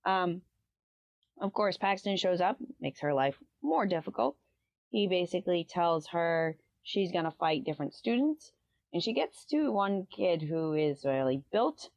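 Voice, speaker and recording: Woman chatting about a book she read, kinda low voice, lots of ums, dull dry lo-fi sound. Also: animated, a little slow, gravelly, a little mellow, no room sound. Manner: rambling retelling with many "um"s and "like"s. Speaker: book review podcast host. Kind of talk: casual book review chat.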